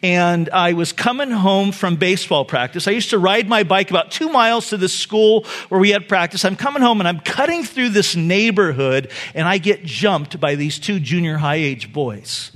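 A middle-aged pastor giving a sermon, telling a family story in a loose, conversational way with fillers and laughs. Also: male voice, high-pitched, animated, moderate pace, few pauses, fairly bright tone. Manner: conversational, many fillers, laughs at own stories.

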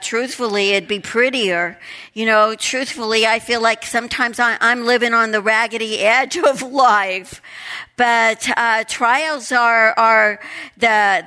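Middle-aged woman, Bible study teacher, bright voice, unhurried, emphatic. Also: a little high. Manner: animated, emphatic, repeats key words. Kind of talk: Bible study lesson with prayer and scripture reading.

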